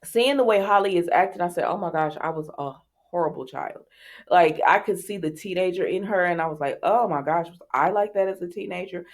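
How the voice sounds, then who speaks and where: Chatty woman with a low voice recapping episodes. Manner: chatty, retells scenes with quick asides to viewers. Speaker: soap opera recap host.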